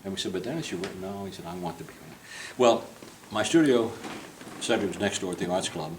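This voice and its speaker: Older man, low voice, humorous digressive storyteller, tour guide, noisy room ambience. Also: lively intonation, brisk. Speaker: portrait painter giving a club tour. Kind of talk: anecdotal storytelling to a group. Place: club interior, in a room with a group.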